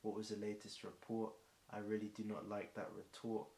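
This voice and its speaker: In an echoey room with faint hiss, a man from Britain freestyles a long run of improvised rhymes, rambling with frequent ums. His voice is lowish and darkish in tone, with little pitch movement and a moderate pace.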